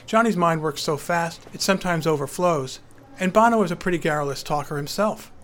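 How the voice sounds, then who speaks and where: A man's voice: fairly high pitch, fairly quick, a bit bright, slight background noise. A man narrating his own memoir in a wry, conversational storytelling manner.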